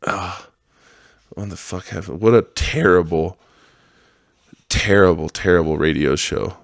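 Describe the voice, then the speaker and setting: A man with a very low voice rants on a podcast, rambling and swearing with a sarcastic edge. The sound is dry and close to the mic, with no room around it. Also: unhurried, vocal fry, dry recording. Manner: profane, rambling, sarcastic, laughs often. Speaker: podcast host. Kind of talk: casual monologue rant.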